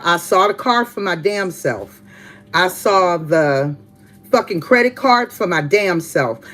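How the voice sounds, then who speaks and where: A woman hosting a live stream, telling a story to her chat in a blunt, profane, animated way. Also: mid-range voice, rough recording. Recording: steady background noise with passing vehicles.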